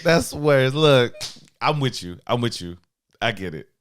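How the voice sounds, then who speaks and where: A man with banters with his co-host. His talk is playful and teasing, and his pitch rises and falls freely as he pushes back. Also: animated, unhurried, clean tone. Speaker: podcast co-host. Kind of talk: casual couple banter.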